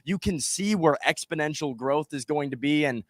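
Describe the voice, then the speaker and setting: A man co-hosting a sports talk show, breaking down football plays in a measured, casual way. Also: on the high side, lively intonation, no room sound, clean studio sound. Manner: measured, analytical, uses "I mean" and "you know". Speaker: sports podcast co-host.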